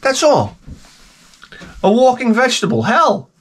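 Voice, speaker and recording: A man's voice: medium pitch, expressive, moderate pace, fairly bright tone. A man with a New York accent hosting his channel, ranting in an exasperated, sarcastic and profane comic way. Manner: exasperated and sarcastic, heavy swearing. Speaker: retro game channel host.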